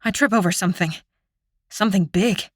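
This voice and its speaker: A woman narrating a fantasy audiobook in the first person, with dramatic, expressive storytelling. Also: mid-range voice, fairly quick, no room sound, clean studio sound.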